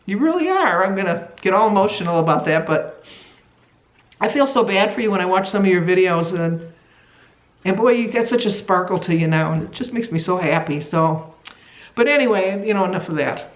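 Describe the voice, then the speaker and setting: A middle-aged woman from the United States chatting to camera in a weight-loss vlog, rambling and halting, with many restarts. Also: fairly low pitch. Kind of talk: casual chat to camera. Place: a room at home. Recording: echoey room.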